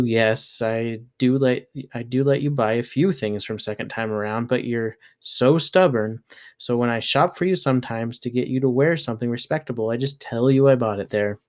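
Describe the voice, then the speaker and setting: A man's voice: medium pitch, a little mellow, lightly acted. Man doing a stern, worn-out mom, clipped and firm. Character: exasperated mother scolding her daughter.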